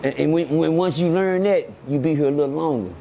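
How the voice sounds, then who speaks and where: A middle-aged man, telling stories in an animated, preachy way and repeating lines for emphasis. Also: on the high side, fast talker, gravelly, slight background noise. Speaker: podcast guest. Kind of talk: casual storytelling chat.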